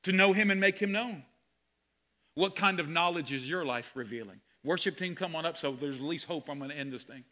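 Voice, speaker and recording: High, bright-voiced male pastor preaching. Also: brisk. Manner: animated preaching, sudden loud exclamations. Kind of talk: sermon.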